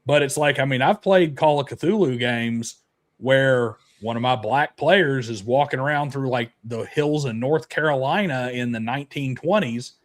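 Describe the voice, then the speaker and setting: A man's voice: mid-range voice, moderate pace. A man hosting a podcast, chatty and opinionated, laughing easily. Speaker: podcast host. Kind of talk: casual podcast chat.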